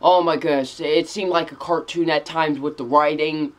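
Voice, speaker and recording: A casual video reviewer who talks straight to the viewers. The delivery is emphatic and repetitive, restating one blunt verdict over and over, with a pitch that sits in the middle range. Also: fairly even intonation, moderate pace. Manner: emphatic and repetitive, circling back to the same verdict again and again. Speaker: movie reviewer.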